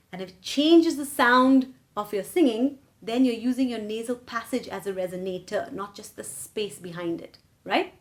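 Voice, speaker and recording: A woman's voice: fairly high pitch, moderate pace, hardly any pauses. A woman singing teacher giving a vocal lesson, explaining and checking in with "right?" and "okay?". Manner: explains, then sings short phrases to demonstrate. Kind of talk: vocal lesson with sung demonstrations.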